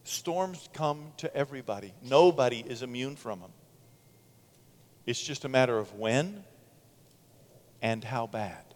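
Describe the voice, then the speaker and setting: A middle-aged man preaching a sermon as pastor, telling stories in an animated way and acting out quotes. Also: mid-range voice, a little slow, pauses often. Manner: animated storytelling, acts out quotes. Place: church sanctuary. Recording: long church reverb.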